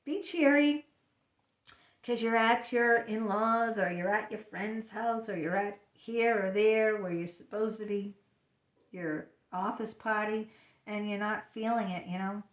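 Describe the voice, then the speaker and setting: A woman's voice: mid-range voice, fairly even intonation, a little slow, distant mic, lo-fi sound. Chatty woman just talking, lots of you-knows, sounds roomy and a bit off-mic. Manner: chatty, lots of fillers, acts out little voices. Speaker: talker sharing personal experience. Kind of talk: casual personal chat. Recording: echoey room, speaker away from the mic.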